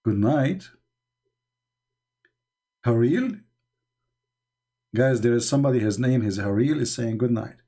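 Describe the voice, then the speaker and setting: A native Arabic speaker from the Middle East hosts a live stream, mocking chat comments with sarcasm in an Arabic accent. His mid-range voice is dark with a breathy edge, animated yet a little slow, and he pauses often.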